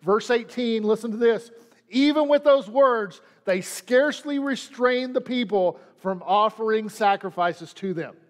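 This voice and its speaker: A man's voice: sits high, a little slow, big-room sound. A man preaching a sermon as pastor, repeating lines and leaning hard on them for emphasis. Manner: preaching with dramatic emphasis and repetition.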